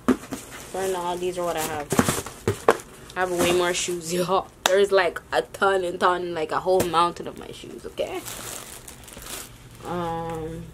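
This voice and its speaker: A woman's voice: lowish voice, noisy background. A woman vlogging a sneaker haul, rambling and casual with lots of slang. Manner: chatty, rambling, slangy ("yo", "y'all").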